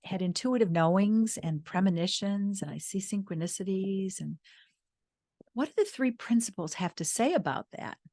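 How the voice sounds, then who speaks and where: A woman guest speaker telling a personal story in a soft-spoken, earnest, reflective way. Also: mid-range voice, lively intonation, moderate pace, dry recording, studio quality. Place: retreat venue.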